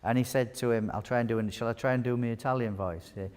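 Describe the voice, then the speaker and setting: A man's voice: medium pitch, fairly even intonation, fast, a little mellow. Chatty man teaching a hall. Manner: chatty, jokey, quizzes the audience. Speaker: wound care nurse presenter. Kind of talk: live conference teaching talk. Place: large hall with audience. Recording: long hall reverb.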